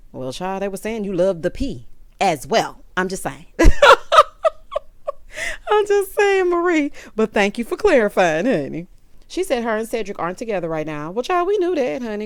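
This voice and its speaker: A woman's voice: medium pitch, no echo. Sassy woman in her late thirties, chatty recap host, dry close sound. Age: late 30s. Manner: sassy, chatty, talks straight to viewers. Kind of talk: casual recap commentary.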